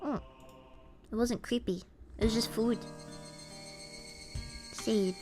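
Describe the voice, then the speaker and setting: A woman streamer chatting casually and excitably with her audience between reading. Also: fairly high pitch, takes it slowly, faint music behind. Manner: bubbly, animated, excitable. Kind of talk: casual game stream chat.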